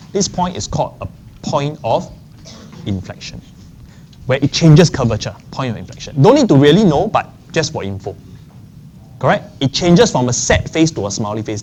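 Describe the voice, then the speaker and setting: A man's voice: on the high side, darkish tone, a little hiss or hum. A man lecturing a maths class. He often checks in with the class and repeats key phrases. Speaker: maths teacher.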